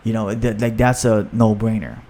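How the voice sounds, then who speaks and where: A man's voice: on the low side, fairly even intonation, normal speed, warm tone. A man hosting a podcast in a casual, enthusiastic talk, often adding "you know" and "right?". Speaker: podcast host and author.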